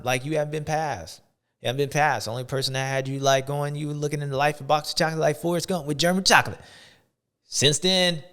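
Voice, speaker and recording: A man's voice: medium pitch, a bit bright, clear, resonant tone. A man hosting a show, giving playful, slangy, rambling sports commentary. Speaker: show host.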